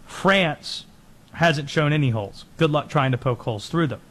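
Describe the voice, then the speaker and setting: High-voiced man hosting sports talk. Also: a bit bright, slight background noise. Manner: quick, conversational, self-correcting. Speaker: sports show host. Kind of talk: casual sports commentary.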